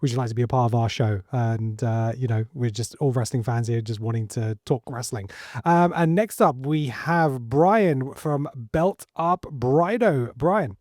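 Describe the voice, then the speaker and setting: A middle-aged man hosts a podcast in a friendly, easygoing manner, often laughing with his guests. The sound is dry and close, with an average pitch. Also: a little slow, hardly any pauses, darkish tone, no room sound. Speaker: podcast host. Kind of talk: casual chat.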